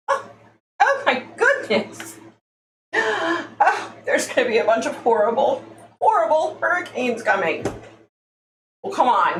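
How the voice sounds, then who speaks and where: A woman's voice: medium pitch, fairly bright tone. A woman hosting a casual psychic livestream, chatty and exasperated, calling her listeners y'all. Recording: echoey room, faint background noise.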